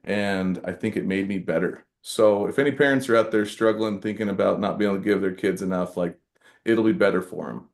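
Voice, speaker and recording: A man's voice: sits low, brisk, gravelly. A man co-hosting a podcast, speaking in an earnest, reflective way and sounding grateful. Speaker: podcast co-host. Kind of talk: casual conversation.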